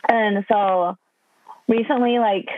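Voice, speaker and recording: A woman's voice: fairly even intonation, takes it slowly, no room sound. A young woman, a podcast guest, telling her story in casual chat, laughing often and acting out what people said. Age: young adult. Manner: chatty, quotes herself in higher voice, laughs often. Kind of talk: casual interview. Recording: tinny phone line.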